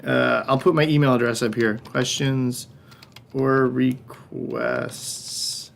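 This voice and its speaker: A man's voice: medium pitch, fairly even intonation, takes it slowly, vocal fry, slight background noise. A middle-aged man hosting a livestreamed wine tasting class. He talks in a casual, joking, loose way and swears now and then. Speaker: wine shop host.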